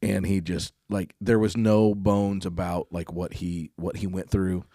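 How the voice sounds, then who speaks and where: A man co-hosting a podcast in casual chat, agreeable and quick to chime in. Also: low voice, little pitch movement, warm tone, dry recording, studio quality. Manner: agreeable, many yeahs and rights. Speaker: podcast co-host.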